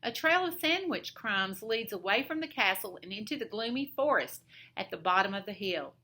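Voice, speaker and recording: A woman teacher reading a picture book aloud with expressive storytime narration. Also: medium pitch, moderate pace. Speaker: elementary school teacher.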